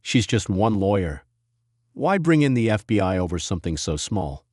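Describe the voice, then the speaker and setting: A man's voice: fairly low pitch, big pitch swings, normal speed, darkish tone, breathy edge, dry recording, clean studio sound. A man voicing a rattled, arrogant veteran judge who stammers and turns desperate. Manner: stammering, defensive, increasingly desperate.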